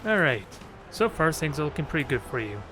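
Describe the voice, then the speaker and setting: A man's voice: a little high, very animated, fairly quick, bright, forceful tone, soft background music. A man casually commentating his own video game match, joking and trash-talking his opponent. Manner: playful, jokey trash talk.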